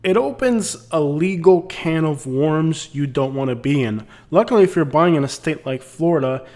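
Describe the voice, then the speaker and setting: A man's voice: on the high side, lively intonation, normal speed, a little mellow. A man hosting a comic advice video, talking in a casual, wry, rambling way. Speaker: host.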